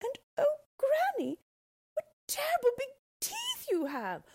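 A woman's voice: wildly swooping pitch, normal speed, heavily acted. Little Red Riding Hood, as a woman puts her on. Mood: alarmed. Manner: high, eager exclamations. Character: little girl, sweet, curious, wide-eyed.

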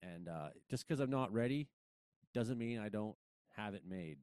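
A man's voice: fairly low pitch, lively intonation, moderate pace, a little mellow, clean tone, no room sound. A man hosting a show, chatty and self-deprecating, introducing a guest's videos. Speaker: show host. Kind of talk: casual show banter.

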